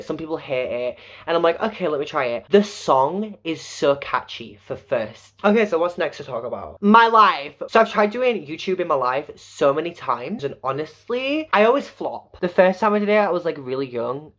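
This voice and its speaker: Chatty young Yorkshire man vlogging. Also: a bit bright. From Yorkshire, England. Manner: chatty and tangential, with sudden high exclamations. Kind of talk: casual makeup vlog chat. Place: home bedroom.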